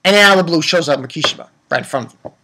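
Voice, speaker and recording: Husky guy hyped up recapping an anime ep, swears a lot, trips over his words. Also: a little high, racing. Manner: excitable, profane, lots of restarts. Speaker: anime reviewer. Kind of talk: casual episode recap.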